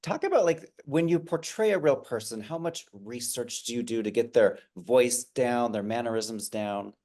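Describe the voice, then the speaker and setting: A relaxed man hosting an interview over a video call. His voice sits in a middle range, and his questions come out conversational and unhurried, with fillers along the way. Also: mid-range voice. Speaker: interview host.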